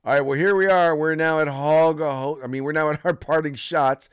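A man's voice: fairly high pitch, normal speed, few pauses, clean tone, no echo, clean studio sound. A man co-hosting a casual political talk podcast, who laughs often and repeats himself. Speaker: podcast co-host.

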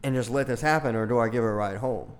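A man from Ohio, a stand-up comedian, chatting casually and telling animated stories, acting out quotes loudly and swearing freely. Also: mid-range voice, fast talker, smooth. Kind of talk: casual podcast chat.

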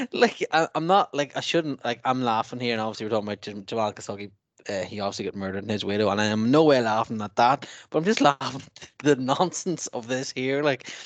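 A man's voice: medium pitch, no room sound. Laughing man, dry close sound. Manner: laughing, animated, reads quotes aloud mockingly. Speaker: podcast co-host. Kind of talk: casual chat.

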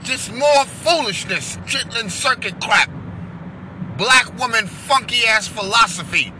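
A man giving loud, profane commentary in a rant that breaks into shouting. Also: very high voice, expressive, a little slow, noisy background. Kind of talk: ranting commentary.

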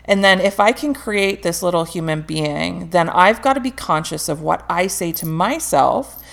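A woman's voice: lowish voice, expressive, normal speed, creaky, a bit bright. A woman guest in casual podcast chat, talking candidly with frequent laughter and the odd swear word.

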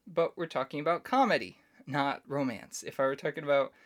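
A man's voice: fairly high pitch, a little fast, fairly bright tone. A man hosting a solo podcast, giving casual, opinionated commentary and explaining his views at length. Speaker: podcast host.

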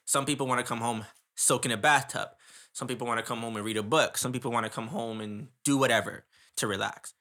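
A man's voice: medium pitch, steady tone, fast talker, bright, forceful tone. A young man from Canada, telling a story in casual chat, rambling with slang and frequent laughter.

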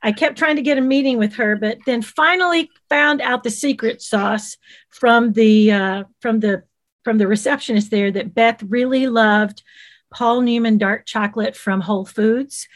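A woman's voice: a little high, moderate pace. A middle-aged woman with a Southern US accent, telling stories in a casual interview and acting out the people she quotes. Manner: lively, animated, acts out quoted voices. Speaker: guest, children's TV creator.

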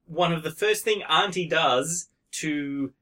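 A man co-hosting a casual film review podcast, animated, laughing often and swearing. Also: on the high side, slow. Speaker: podcast co-host.

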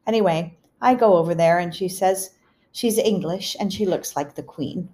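Middle aged woman just telling funny stories on her podcast, kinda low voice, laughs as she goes. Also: moderate pace, dark tone, a little hiss or hum. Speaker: podcast host. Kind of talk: casual storytelling.

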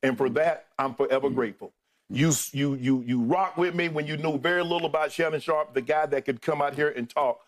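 A middle-aged co-host says a heartfelt farewell on air, naming colleagues one by one while holding back tears. His voice is a little high for a man, brisk, and emotional throughout.

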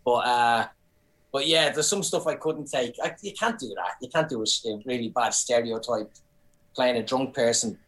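A middle-aged Irish man, a comedian, chatting casually as a podcast guest and telling animated anecdotes. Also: mid-range voice, normal speed, low-quality recording. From Ireland. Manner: storytelling, animated. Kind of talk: casual chat.

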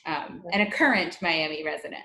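She is a woman from Buffalo who hosts an interview podcast. She has a fairly low voice and talks in a loose, chatty way, poking fun at herself. Her voice carries a roomy echo. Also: a little fast, creaky, sharp tone. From Buffalo, New York. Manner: chatty, self-deprecating. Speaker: podcast host. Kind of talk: casual interview chat.

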